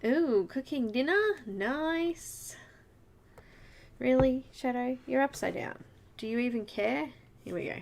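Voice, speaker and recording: A woman's voice: sits high, animated, slow, vocal fry, darkish tone, a little hiss or hum. A woman with an Australian accent hosting a casual live coloring stream, chatty and giggly, greeting viewers one by one by name.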